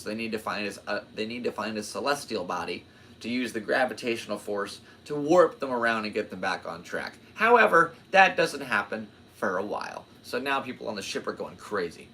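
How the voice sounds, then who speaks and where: A young man in his twenties hosting a solo podcast, rambling from one tangent to the next with jokes along the way. His voice is on the low side but swings widely in pitch as he gets animated. A faint hum of room ambience sits behind him. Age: 20s. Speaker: podcast host. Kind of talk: casual rambling monologue.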